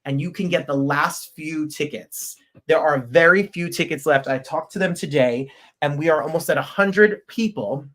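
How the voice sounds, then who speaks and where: Excitable chatty male podcast host. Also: a little high, normal speed. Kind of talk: casual livestream chat.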